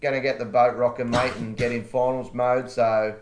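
A man's voice: medium pitch, flat delivery, normal speed, roomy sound, a little hiss or hum. A man with an Australian accent co-hosting a casual sports podcast, laid-back with short replies. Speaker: podcast co-host.

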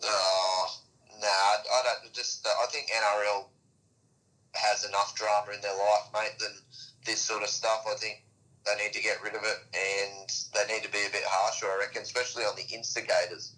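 A man's voice: lowish voice, little pitch movement, moderate pace, pushed and bright, rough recording. A man co-hosting a casual sports chat, laid-back and hedging. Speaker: co-host.

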